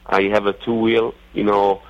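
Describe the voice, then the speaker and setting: A man with an Italian accent, a racing driver guest on a radio interview, talking haltingly with many fillers and restarts. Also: fairly low pitch, little pitch movement. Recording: dull lo-fi radio audio.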